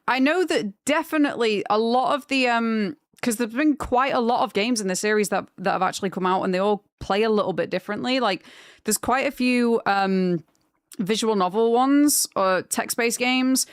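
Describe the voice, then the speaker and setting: A young woman chatting casually on a live stream, rambling and gushing when excited. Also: a little high, moderate pace, no echo, clean studio sound.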